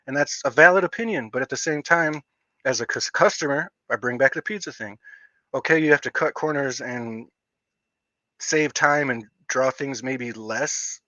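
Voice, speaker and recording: A man rants casually on a livestream in a bright, forceful voice, with a slight stutter that catches on some words. He rambles and restarts often as he talks. The sound is dull and lo-fi, with a dry, close feel. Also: mid-range voice, normal speed, dry recording. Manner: rambling, with frequent fillers and restarts. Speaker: livestream host.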